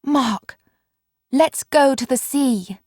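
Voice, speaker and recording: A woman's voice: sits high, slow pace, a little mellow, no echo, studio quality, pitched above the performer's own voice. A woman reading an audiobook, voicing an eager, impulsive young girl in a pleading, breathless way.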